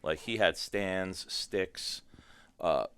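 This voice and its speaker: A man chatting as a firearms trainer guest on a podcast, telling animated, profane stories. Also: deep voice, extremely slow, smooth, dry recording. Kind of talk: casual podcast chat.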